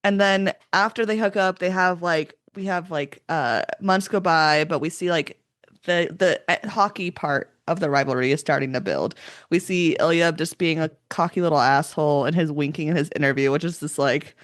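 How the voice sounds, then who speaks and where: A woman's voice: low-pitched, normal speed, no room sound, clean studio sound. A woman co-hosting a podcast, casually recapping scenes and often chiming in to agree. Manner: chatty recaps, frequent agreeing "mm-hmm" and "yep". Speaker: podcast co-host. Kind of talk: casual chat.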